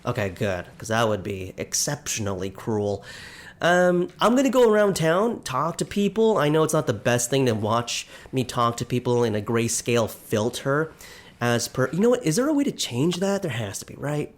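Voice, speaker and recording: A man giving casual, self-deprecating commentary while playing a farming game, chatting to his viewers and a little out of breath. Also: a little high. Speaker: let's play gamer.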